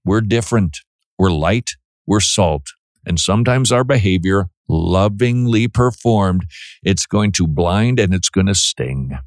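Man, radio host type: earnest Christian call-in talk, lowish register, dry close sound, trips over restarts. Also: expressive, a little slow, no room sound. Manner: earnest, preachy, with stammered restarts.

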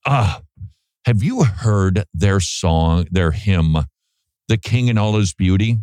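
Man, talk show host, lively swinging pitch, casual musing, dry close sound. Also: takes it slowly, dry recording. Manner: animated, musing, rhetorical questions. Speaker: podcast host.

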